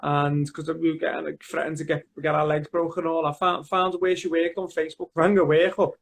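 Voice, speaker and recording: A man's voice: a little high, flat delivery, brisk, creaky. A man with a Scouse accent, a guest in a casual interview chat, telling his story in a plain-spoken way and often repeating himself.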